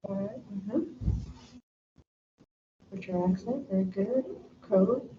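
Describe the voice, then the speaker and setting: A woman's voice: medium pitch, slight background noise. A woman teacher patiently guiding a student through a reading lesson, prompting often with short affirmations. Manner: patient, prompting with quick mm-hmms. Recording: roomy, distant, dull classroom recording.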